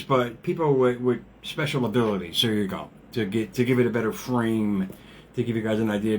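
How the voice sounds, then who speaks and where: A man's voice: medium pitch, a little hiss or hum. Rambling middle-aged man giving a pep talk. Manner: rambling, laughs often, casual swearing. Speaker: motivational podcast host. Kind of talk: casual motivational livestream talk.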